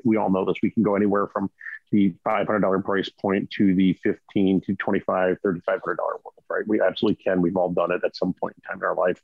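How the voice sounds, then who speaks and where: Middle-aged host, low husky voice, loose rambling talker; dull dry recording. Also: male voice, no echo. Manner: rambling, frequent "right?" and restarts. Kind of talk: casual chat about rifle optics.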